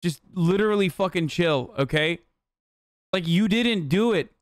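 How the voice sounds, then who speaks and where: Exasperated streamer man, crisp dry voice. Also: high-pitched, lively intonation, measured pace, no echo. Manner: profane, exasperated, riffing on clips. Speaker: streamer host. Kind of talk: casual live-stream commentary.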